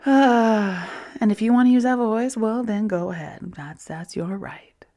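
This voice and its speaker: A woman in her forties hosting a reflective self-help podcast, talking softly and often in a whisper, soothing herself. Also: mid-range voice. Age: 40s. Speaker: podcast host.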